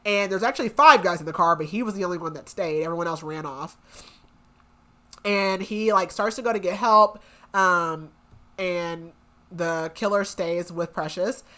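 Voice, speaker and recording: A young woman co-hosting a book podcast, casually retelling a novel's plot with lots of "like" and "um" fillers and quick acted-out quotes. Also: fairly low pitch, sharp tone. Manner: chatty, lots of "like" and "um", acts out quotes.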